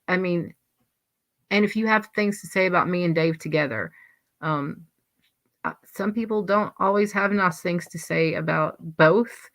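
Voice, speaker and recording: Low gravelly woman chatting. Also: fairly bright tone, no echo. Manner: rambling, chatty, many restarts. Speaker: livestream host. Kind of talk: casual chat reading live comments.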